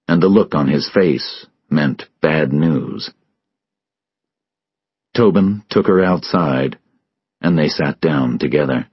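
A man narrating a story for English learners in a measured, clear way. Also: rumbling low, no echo, dull audio. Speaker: audiobook narrator.

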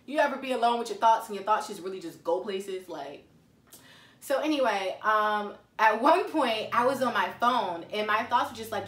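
A woman vlogging about faith and life in a casual, slangy, animated way. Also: medium pitch, moderate pace. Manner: chatty, slangy, animated storytelling. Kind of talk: casual confessional talk. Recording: echoey room, mic at a distance.

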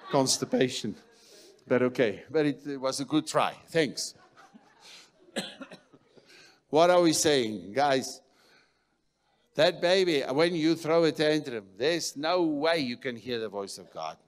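A man preaching a sermon in a church, moving between loud declarations and quiet murmurs. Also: medium pitch, lively intonation, slow, long pauses. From South Africa. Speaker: pastor.

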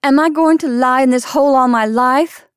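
A woman voicing a fierce, defiant young woman patient in a sharp raised voice. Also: high-pitched, normal speed, clear, resonant tone, no room sound, clean studio sound, pitched above the performer's own voice, lightly acted. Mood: bitter.

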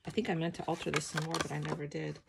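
Brief: middle-aged woman, sleepy gravelly low voice, reflective art-journal vlog, noisy recording. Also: little pitch movement, very fast. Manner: soft, emotional, reflective, many ums. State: sleepy morning voice. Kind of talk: casual flip-through chat.

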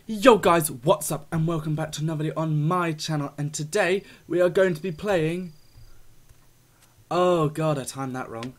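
A young man giving jokey, excitable commentary while playing a video game, talking to the screen as he goes. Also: on the high side, normal speed. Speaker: gaming YouTuber. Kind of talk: casual let's-play commentary.

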